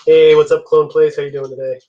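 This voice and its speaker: A man's voice: on the high side, brisk, highs cut off. A young man hosting a live stream, chatting casually with viewers while he builds. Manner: relaxed, chatty, answers chat messages.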